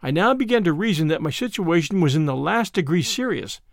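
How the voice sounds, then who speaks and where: A man reading a first-person audiobook narration in an expressive way. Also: on the high side, a little fast, creaky, no room sound, clean studio sound.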